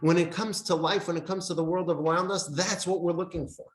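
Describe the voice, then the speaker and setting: A man's voice: high-pitched, steady tone. Man teaching in an echoey room. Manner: speaks in short emphatic phrases with pauses; reads from a text handout. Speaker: teacher of a Jewish meditation class. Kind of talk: classroom lesson with storytelling. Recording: roomy echo.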